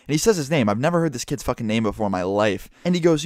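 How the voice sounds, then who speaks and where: Young man, vlogger, quick profane storytelling, dry sound, home room. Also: medium pitch, animated, no echo. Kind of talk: storytime vlog.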